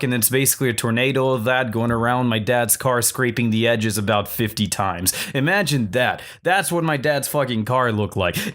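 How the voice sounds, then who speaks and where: Profane young man telling a story. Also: mid-range voice. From Virginia, US. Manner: profane, self-mocking, animated story voices. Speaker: storytelling vlogger. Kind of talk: casual storytime monologue.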